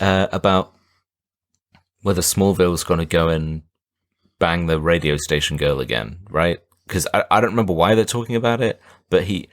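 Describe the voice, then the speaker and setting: Deep-voiced man recapping a film. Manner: rambling recap with quick silly put-on voices. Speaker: podcast co-host. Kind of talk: casual film-review banter.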